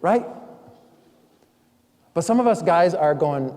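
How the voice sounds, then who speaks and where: Male pastor, slightly high voice, chatty sermon delivery, long church reverb. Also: lively intonation, slow pace, a little mellow. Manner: conversational preaching with acted-out quotes. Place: church sanctuary.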